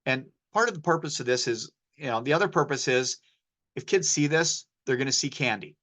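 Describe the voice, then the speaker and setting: A man's voice: mid-range voice, animated, fairly quick, a bit bright. A man giving an informal medical lecture as a poison control specialist, telling anecdotes and dropping slang. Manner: casual, anecdotal, sprinkles in slang.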